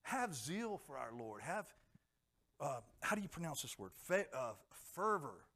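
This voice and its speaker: A man's voice: fairly high pitch, sing-song, normal speed, a bit bright. A middle-aged man preaching a sermon in a conversational way, asking the congregation questions and acting out voices. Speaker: pastor.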